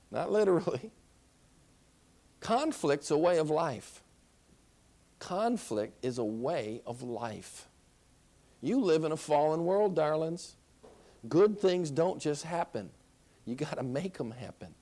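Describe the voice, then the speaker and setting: With a fairly high, creaky voice of darkish tone, a man gives a classroom lecture on Christian counseling. He is emphatic, repeating key phrases and using rhetorical questions.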